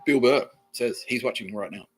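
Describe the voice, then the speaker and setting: Speaking at normal speed with a medium-pitched voice, a podcast host addresses the camera alone while soft music plays. He wanders from point to point, curses freely, and keeps undercutting what he just said.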